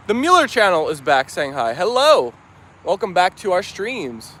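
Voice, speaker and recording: A man with a high, slightly bright voice runs a casual outdoor livestream in a yard with dogs and chickens, speaking at a normal pace with big swings in pitch. Upbeat and talkative, he welcomes viewers by name and reads their messages aloud.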